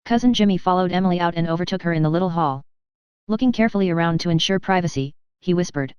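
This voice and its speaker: Clear, low-voiced woman narrating a story. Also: quick pace, a little mellow, no echo, highs cut off. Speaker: audiobook narrator. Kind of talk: scripted narration.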